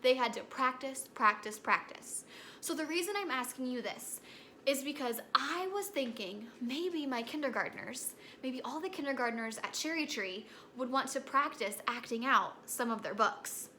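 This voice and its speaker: A young woman teaching a recorded lesson to kindergartners in a gentle, encouraging storytelling way. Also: sits high, lively intonation, moderate pace, a little hiss or hum.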